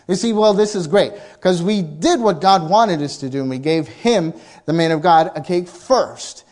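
Man preaching, high-pitched voice, animated storyteller, sermon delivery. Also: moderate pace.

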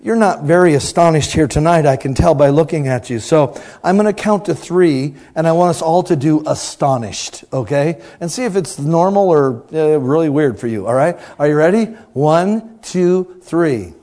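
Guy preaching, teasing the crowd, loud bursts then quiet asides, kinda high voice. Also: lively intonation, normal speed, few pauses. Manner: playful, teasing the congregation. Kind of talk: sermon.

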